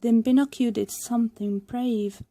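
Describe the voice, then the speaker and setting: A woman reading a storybook aloud to learners, clear and deliberate. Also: fairly high pitch, steady tone, mellow.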